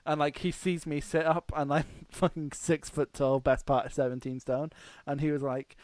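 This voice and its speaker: A man co-hosting a podcast, chatting casually, swearing freely and telling animated stories with laughs. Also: fairly high pitch, moderate pace, no room sound. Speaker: podcast co-host. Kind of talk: casual chat.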